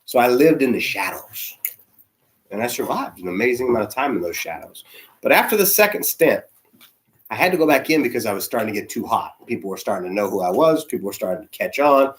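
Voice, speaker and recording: A man, a church's senior spiritual leader, preaching in a conversational, animated storytelling way with soft asides. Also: mid-range voice, quick pace. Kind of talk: storytelling sermon.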